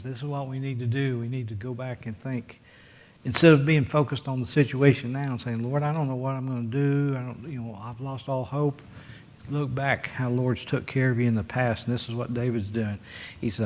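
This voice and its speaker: Man, Sunday school teacher, mid-pitched voice, plain conversational delivery, lots of fillers and restarts. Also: steady tone, normal speed. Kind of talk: Bible lesson teaching. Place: church classroom.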